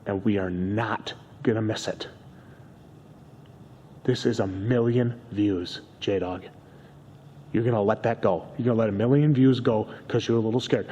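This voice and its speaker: A bossy man co-hosts a comedy ghost-hunt skit in a lowish voice. A faint hiss runs under him. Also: unhurried, pauses often, mellow, in a large hall. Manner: bossy, insistent.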